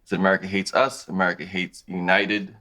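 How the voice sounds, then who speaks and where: A man in his thirties, a podcast guest talking about his clothing brand in a relaxed, conversational way. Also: low-pitched, fast talker. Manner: relaxed, conversational, thinks aloud with restarts. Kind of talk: casual interview chat.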